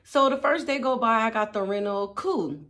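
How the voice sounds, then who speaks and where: A young woman tells a juicy storytime to her followers. Her voice sits a little high, and she keeps it loose, slangy and animated, acting out quotes and laughing along the way. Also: moderate pace. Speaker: storytime vlogger. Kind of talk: casual storytelling to viewers.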